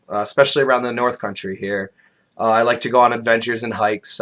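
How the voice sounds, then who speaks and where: A man's voice: mid-range voice, a bit bright. A man guest on a casual podcast who talks hesitantly, with lots of ums, and is modest about himself.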